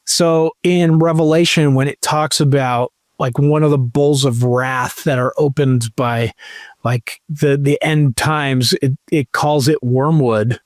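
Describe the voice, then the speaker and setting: A man's voice: medium pitch, fairly even intonation, dry recording. Man, podcast co-host, casual joking chat, dry close sound. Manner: rambling, jokey, slow storytelling.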